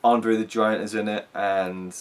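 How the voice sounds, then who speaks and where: A man with a fairly low voice hosts a relaxed film review chat. He rambles eagerly, often restarting his sentences as he works through his thoughts. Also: unhurried, a little hiss or hum. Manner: rambling, enthusiastic, many restarts. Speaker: film reviewer, show host.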